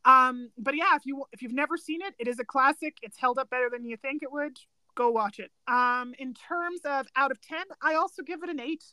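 A woman's voice: high-pitched, fairly quick, few pauses, sharp tone, no echo. A young woman co-hosting a podcast, chatting enthusiastically about a movie with frequent fillers. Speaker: podcast co-host. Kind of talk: casual movie review chat.

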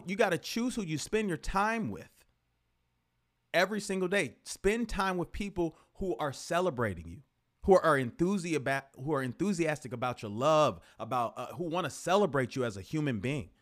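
A man hosting a podcast, giving an animated, profane, casual motivational talk full of repeated rhetorical questions. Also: high voice. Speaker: podcast host.

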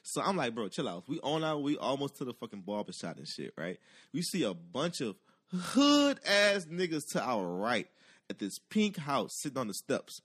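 Animated man telling a street story. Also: medium pitch, normal speed, breathy edge. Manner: animated, profane, acts out the voices of other people. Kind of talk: casual storytelling chat.

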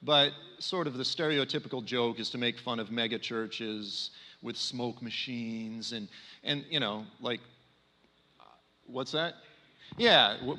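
A man in his forties giving a conversational sermon, animated and full of fillers. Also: mid-range voice, slow pace. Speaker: speaker at a church. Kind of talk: sermon talk. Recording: long hall reverb.

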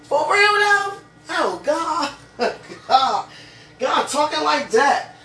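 A woman with a somewhat high voice chats slowly and lovingly to her partner, rambling and peppering her talk with "you know" and fervent praise. She sounds far from the mic in an echoey kitchen, with steady background noise underneath. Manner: fervently religious, gushing. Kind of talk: casual chat to a partner.

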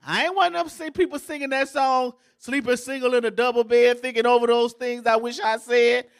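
A woman's voice: a little high, steady tone, fairly quick. A woman pastor giving a sermon in a folksy, joking, conversational way, as if in a church.

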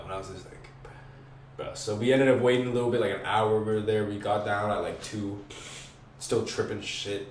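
A man's voice: on the low side, moderate pace, distant mic. A young man telling a wild story in casual podcast talk, slangy and profane, with lots of "bro" and "like," acting out the voices and screams he describes. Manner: excitable, acts out voices and screams. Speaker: podcast guest. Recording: echoey room, away from mic, faint hiss.

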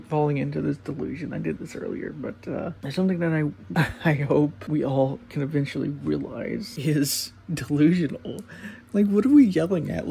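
A young man talks through spiritual ideas in a loose, rambling podcast monologue, now and then laughing and slipping into quick put-on voices. His voice is heavily gravelly and sits slightly high for a man. A faint noise runs under the recording. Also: dark tone. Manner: rambling, laughs at his own points, acts out the mind's voice. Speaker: podcast host.

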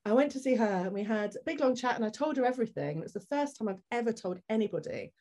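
A woman's voice: on the high side, fast. A woman guest on a podcast, telling a personal story candidly and acting out the people in it. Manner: animated, acts out the people in her story.

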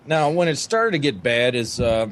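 A man chatting casually about his marriage, laid-back and halting with fillers. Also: mid-range voice, sing-song. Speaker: podcast co-host. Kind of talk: casual chat.

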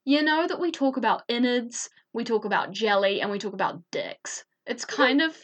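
Lady podcast host, kinda high voice, giggly and animated, swears a bunch. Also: moderate pace. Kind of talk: casual chat.

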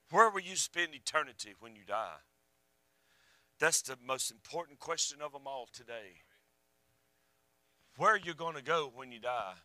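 A man preaching a sermon, fervent one moment and hushed the next, with a drawl. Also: medium pitch, dry recording, rough recording. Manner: fervent, rising and falling, drops to a hush.

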